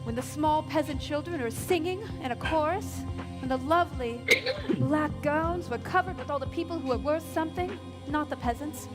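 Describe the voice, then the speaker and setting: A woman playing a haughty, high-voiced ghost noblewoman. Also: normal speed, music in the background, close to an everyday voice. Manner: grand, scolding, theatrical. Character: haughty aristocratic female ghost, indignant. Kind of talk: live improvised tabletop role-play.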